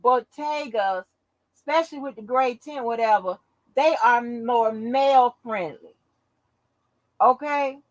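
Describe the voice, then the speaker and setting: A woman hosting her own channel, telling a story in casual chat, animated and profane, acting out what people said. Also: a little high, slow, no echo, highs cut off. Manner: animated, profane, acts out quotes. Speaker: channel host.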